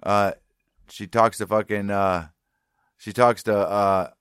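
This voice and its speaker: A man with a lowish voice talks through a TV episode in relaxed, profane chat. He keeps agreeing with his co-host and retells scenes in his own words. The recording is dry and close. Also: slow, clean tone, no echo. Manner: profane, laid-back, frequent agreeing interjections. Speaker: podcast co-host. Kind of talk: casual recap chat.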